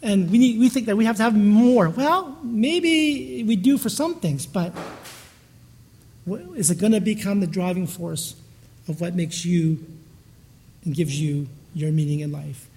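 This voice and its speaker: Man, pastor, high voice, conversational sermon, storytelling, restarts sentences. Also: expressive, measured pace, darkish tone, slightly rough. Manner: storytelling, chatty, with frequent restarts.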